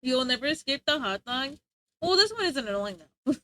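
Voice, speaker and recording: A young woman streaming live, chatting casually with viewers, giggly, excitable and rambling. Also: high-pitched, a little fast, slight background noise.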